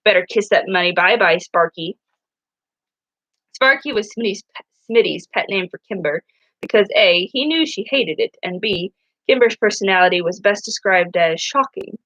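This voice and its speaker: A woman's voice: medium pitch, normal speed, fairly bright tone, no echo, lo-fi sound. Woman reading a novel aloud, dry sound. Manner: casual reading with frequent slips and restarts. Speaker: reader.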